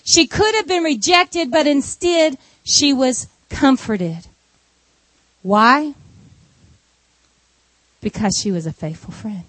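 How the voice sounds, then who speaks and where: A woman preacher delivering a sermon through an animated, conversational retelling of a story. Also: high-pitched, takes it slowly, long pauses, dry recording.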